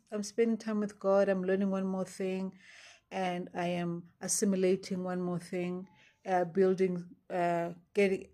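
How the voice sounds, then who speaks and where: An anxious woman talks through her faith in a casual diary-style vlog, with a voice of middling pitch. She rambles earnestly and breaks off mid-thought. The nerves of near panic run under her words. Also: mellow. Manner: earnest, rambling, self-interrupting. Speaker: faith vlogger.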